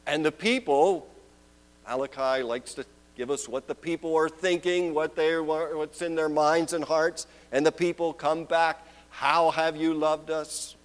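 A man preaching a sermon, moving between loud proclaiming and hushed, drawn-out questions. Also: on the high side, fairly even intonation, poor audio.

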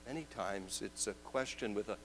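A man preaching a sermon, moving between loud proclaiming and hushed, drawn-out questions. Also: fairly low pitch, background noise.

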